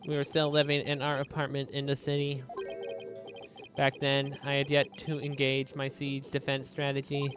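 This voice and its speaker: A man voicing a grieving male soldier who talks through a drone, in a flat robotic delivery. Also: medium pitch, moderate pace, over music, close to an everyday voice. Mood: mournful.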